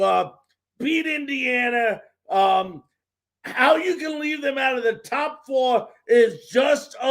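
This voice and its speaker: A man with a strikingly high voice hosts a live sports talk show. He talks in a fired-up, ranting way and repeats words to drive his points home. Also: a bit bright.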